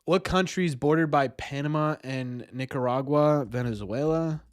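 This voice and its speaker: A man's voice: on the high side, moderate pace, clean tone, no room sound, studio quality. A young man streaming, thinking aloud through a quiz and mocking himself when he gets answers wrong. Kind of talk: live stream chat.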